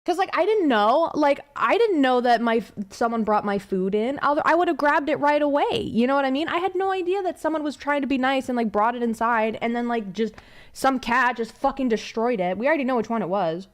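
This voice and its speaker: Young woman streamer, a bit high-voiced; loose, rambling chat full of fillers and swearing. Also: expressive, a little fast. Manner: rambling, many fillers, cursing. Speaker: livestreamer. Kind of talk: casual chat with viewers.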